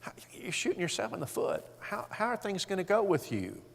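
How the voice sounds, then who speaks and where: A man's voice: sits high, big pitch swings, fairly quick, gravelly. A man leading a marriage seminar for men, telling folksy stories and acting out the voices in them. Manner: folksy storytelling, acts out quoted voices. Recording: hall reverb.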